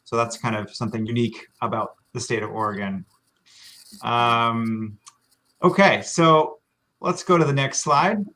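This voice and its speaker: An American man talks through slides like a tour guide on a live stream. His pitch sits in the middle, and he fills his pauses with ums and uhs. He sounds easygoing and friendly, heard through a computer mic. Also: a bit bright. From Washington State, US. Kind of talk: casual presentation over slides.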